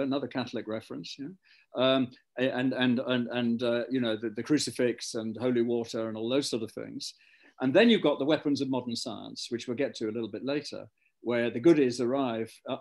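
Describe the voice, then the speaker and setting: A male co-host explains in a measured, lecturing manner during a live online book discussion, stacking his points into lists. His voice is mid-pitched and ordinary, and it comes through a video call.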